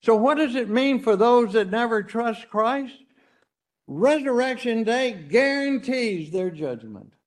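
A man preaching a sermon, swinging from loud declarations to hushed words, then closing in prayer. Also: extremely high pitch, animated, takes it slowly. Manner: tells illustrations, acts out quoted voices. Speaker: pastor.

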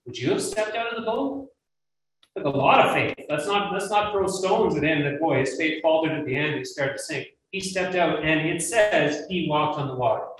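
A man's voice: a little high, expressive, normal speed, a bit bright. A man giving verse-by-verse Bible teaching, earnest and emphatic, putting questions to his listeners. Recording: very echoey room, mic at a distance, faint noise.

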